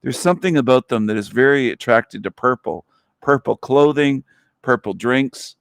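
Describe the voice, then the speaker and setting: A man's voice: medium pitch, expressive, normal speed, gravelly, smooth, no room sound, clean studio sound. A man hosting a livestream, talking in a mocking, rambling, crude way. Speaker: livestream host. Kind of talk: casual livestream monologue.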